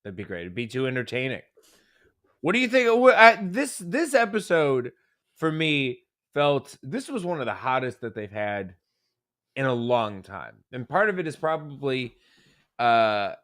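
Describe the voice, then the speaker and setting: A young man hosts a casual wrestling recap show with an upbeat, animated delivery. His voice is bright and forceful, and he often stumbles and restarts his sentences. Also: medium pitch, a little slow. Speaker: host.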